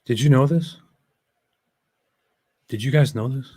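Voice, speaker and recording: A man in the middle of a live reaction stream, mocking what he watches with heavy sarcasm. His voice sits at an ordinary middle pitch, and he jumps from loud jabs to low muttering asides. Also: unhurried, slightly rough, no room sound.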